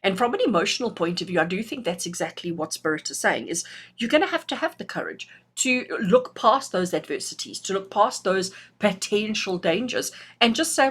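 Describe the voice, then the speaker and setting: A woman's voice: mid-range voice, lively intonation, fairly quick, husky. A woman giving an enthusiastic tarot reading to camera, often checking in with her viewers with "okay?" and "all right?". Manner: acts out little quoted voices. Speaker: tarot reader.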